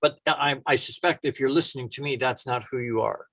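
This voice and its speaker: A man giving a casual motivational talk, animated and storytelling, acting out little quoted voices. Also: mid-range voice, fairly quick, dry recording. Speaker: motivational speaker.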